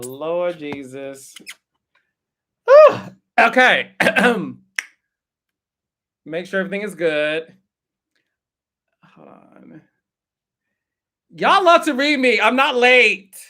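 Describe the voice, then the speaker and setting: A man's voice: high voice, wildly swooping pitch, drawn-out words, pauses often, bright, forceful tone. A man hosting a casual livestream, chatting and greeting viewers by name. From Texas. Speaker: host.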